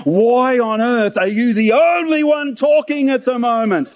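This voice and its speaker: A man's voice: very high voice, unhurried, pitched above the performer's own voice. A man voicing the voice of God speaking from a cloud in a sermon. It is a blunt, mock-stern and humorous scolding. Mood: exasperated. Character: booming divine voice from a cloud, exasperated and blunt.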